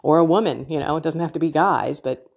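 A woman's voice: low voice, fast talker, creaky, a little mellow. A middle-aged woman hosting a Christian talk, candid and emotional, telling personal stories with quoted dialogue. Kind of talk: personal faith talk to listeners.

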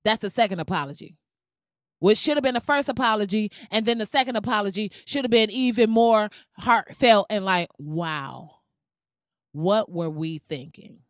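A woman's voice: fairly high pitch, a little fast, dry recording, studio quality. Fiery, sarcastic woman ranting on camera. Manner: heated, sarcastic, heavy swearing. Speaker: vlogger. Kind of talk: profane commentary rant.

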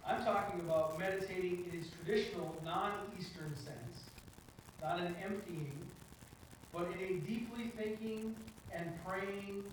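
A man's voice: sits high, a little hiss or hum. A man preaching a sermon in a conversational way, often asking "right?" as he teaches. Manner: conversational, with frequent tag questions. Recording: echoey hall, from far off.

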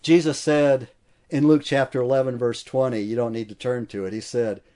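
A man's voice: mid-range voice, fairly even intonation, normal speed, warm tone. A man preaching an expository sermon with emphasis, stacking repeated phrases as he builds each point.

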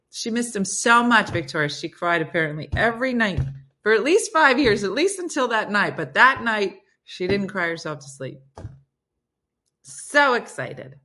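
A woman in her fifties hosting a live phone stream, telling family stories in a chatty, animated way and reading out viewer comments. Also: mid-range voice. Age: 50s. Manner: chatty, animated, rises sharply when excited. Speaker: livestream host. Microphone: phone camera.

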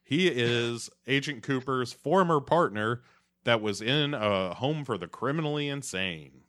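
A man's voice: medium pitch, animated, measured pace, a bit bright. A man co-hosting a podcast, recapping in a laid-back casual chat and dropping into playful silly voices. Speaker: podcast co-host.

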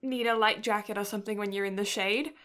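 A woman's voice: mid-range voice, steady tone, quick pace, fairly bright tone. A young woman from Canada hosting a casual anime podcast, cheerful and chatty. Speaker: podcast host. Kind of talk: casual chat.

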